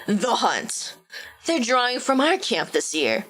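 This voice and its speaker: A man's voice: extremely high pitch, huge pitch swings, takes it slowly, pushed and bright, heavily acted. A woman voicing a cocky young male bully with an Australian accent, in a taunting, mocking drawl. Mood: sneering. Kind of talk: game dialogue read aloud.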